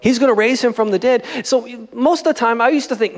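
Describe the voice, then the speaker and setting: High-voiced pastor preaching in a reverberant hall. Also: male voice, fast talker. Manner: conversational, joking preaching style. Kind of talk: sermon. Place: church sanctuary.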